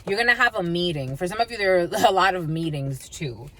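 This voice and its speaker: A woman's voice: lowish voice, lively intonation, a little fast, a bit bright. A woman giving a channeled tarot reading, blunt and swearing freely, and sometimes half-singing her lines. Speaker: psychic reader.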